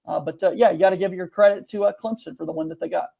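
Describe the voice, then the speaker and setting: High-voiced male co-host, rambling casual game recap with fillers. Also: steady tone, rapid-fire, gravelly, dark tone. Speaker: podcast co-host.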